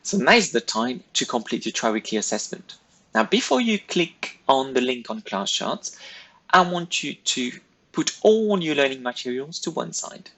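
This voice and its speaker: Husky-voiced male French teacher. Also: medium pitch, sing-song, moderate pace, sharp tone, rough recording. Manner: patient, step-by-step, clearly paced directions to pupils. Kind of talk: recorded classroom lesson instructions.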